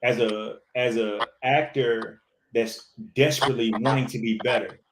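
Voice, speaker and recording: Animated man telling stories, echoey room. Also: medium pitch, moderate pace, background noise. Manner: animated storyteller, many restarts and fillers. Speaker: actor, podcast guest. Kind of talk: casual interview talk.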